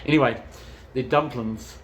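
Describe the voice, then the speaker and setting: A man's voice: medium pitch, fairly even intonation, a little slow, a little hiss or hum. Rambling, sweary man. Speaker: travel vlogger. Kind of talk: casual chat.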